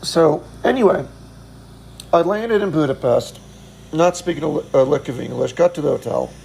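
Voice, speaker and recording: A middle-aged man with a gravelly, rough-edged voice, pitched a little high for a man. He tells a travel story in a loose, rambling way. He often chuckles and pokes fun at himself. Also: expressive, normal speed, a little mellow, slight background noise, rough recording. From United States. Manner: chuckling, self-deprecating, rambling. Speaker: vlogger. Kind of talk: casual storytelling.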